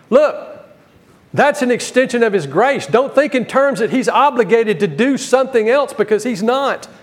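A man preaching a Bible teaching sermon, emphatic, rising to stress key words and dropping low between them.

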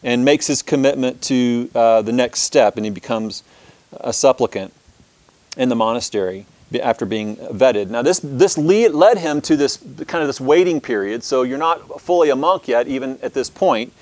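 A man's voice: medium pitch, lively intonation, moderate pace, darkish tone, dry recording. A man teaching a church history lesson, who talks with many restarts and fillers and reads long passages aloud.

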